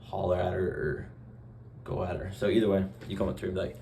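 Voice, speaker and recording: A young man talks straight to camera in a loose, meandering vlog style. His voice sits very low and his delivery is offhand and deadpan. Now and then he slips into little acted-out exchanges, with a faint hum of background noise. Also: fairly quick, vocal fry, pauses often. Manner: acts out short dialogue exchanges. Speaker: vlogger. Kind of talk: casual vlog monologue.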